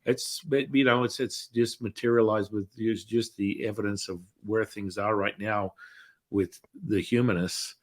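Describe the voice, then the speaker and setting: A man's voice: on the low side, fairly even intonation, measured pace. A man hosting a podcast who talks casually and hesitantly, with repeated starts. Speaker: podcast host. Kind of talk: casual conversation.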